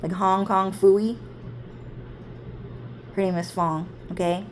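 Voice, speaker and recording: A woman's voice: mid-range voice, steady tone, slow, slight background noise. A young woman telling a rambling family story, swearing freely and filling with "like" and "dude". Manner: rambling and profane, heavy "like" and "dude". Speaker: vlogger. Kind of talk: casual storytelling monologue.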